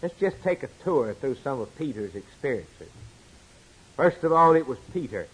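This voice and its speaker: A man preaching a sermon, swinging from loud emphatic declarations to quiet asides. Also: mid-range voice, animated, normal speed, husky, low-quality recording.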